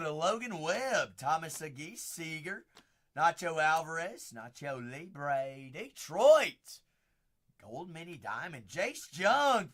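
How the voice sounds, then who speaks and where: A man hosting a live card break, calling out players and teams as he opens packs, chatting with viewers by name and shouting on big pulls. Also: on the high side. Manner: chats with viewers by name between cards.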